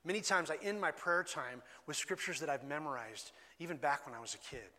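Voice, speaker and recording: Bright-voiced pastor preaching in a reverberant hall. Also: male voice, a little high, brisk. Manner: earnest, conversational preaching with repeated restarts. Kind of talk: sermon.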